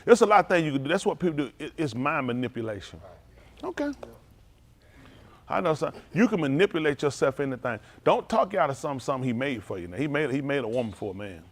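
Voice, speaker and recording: A male pastor giving a playful sermon to his congregation, laughing and joking and then turning low and earnest. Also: expressive, fast talker. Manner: drops to a low, quiet earnest tone for counsel.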